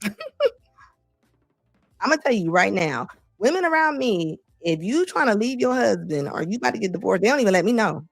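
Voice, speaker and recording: A woman's voice: medium pitch, lively intonation, normal speed, gravelly, dry recording, clean studio sound, faint music behind. A woman host doing casual livestream commentary, chatty and slangy, laughing as she gives her opinions.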